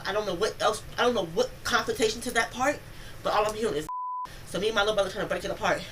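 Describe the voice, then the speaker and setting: A woman witness giving a rapid, breathless account of events to police at home. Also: medium pitch. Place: home, near the kitchen. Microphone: police bodycam. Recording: distant bodycam audio with background noise.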